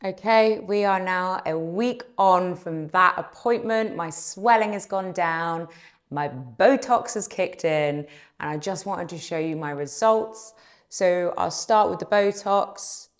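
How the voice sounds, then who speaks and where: A young beauty vlogger speaks slowly in a fairly low voice, chatting casually to camera. She sounds upbeat and confides in her viewers, and faint background music can be heard.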